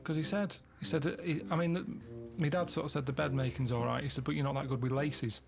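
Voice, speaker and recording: A man, a radio show regular telling rambling stories in deadpan casual banter. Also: fairly high pitch, quick pace, creaky, music in the background.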